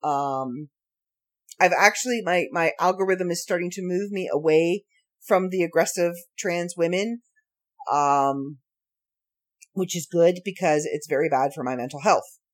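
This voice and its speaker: A woman hosting her own podcast from home late at night, ranting in a sarcastic way with slow, drawn-out emphasis. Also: fairly low pitch. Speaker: podcast host. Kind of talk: ranty solo podcast monologue.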